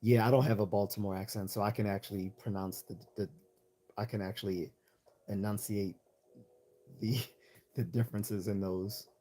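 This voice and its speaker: Low, dark-voiced man with a Northeastern accent. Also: steady tone, moderate pace, pauses often. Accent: Northeastern American. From Chicago. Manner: rambling, opinionated, with frequent restarts. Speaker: livestream host reading chat. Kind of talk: casual livestream chat.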